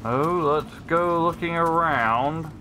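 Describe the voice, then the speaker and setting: A man's voice: a little high, slow, background noise. A man casually commentating his gameplay, thinking aloud in a laid-back way. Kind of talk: casual let's-play commentary.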